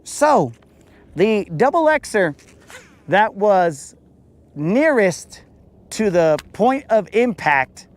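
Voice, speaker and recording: A man hosting a podcast, telling a story in a casual, slangy, laid-back way. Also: sits high. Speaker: podcast host.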